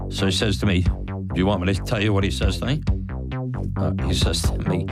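A man with a low-pitched voice speaking at normal speed candidly retells a memory from his youth, acting out the quotes and laughing along the way. It's personal storytelling, with music playing in the background.

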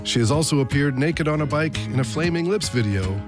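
A male host giving a plain, steady outro after a story. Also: fairly high pitch, fairly quick. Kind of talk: show outro over music. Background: guitar music.

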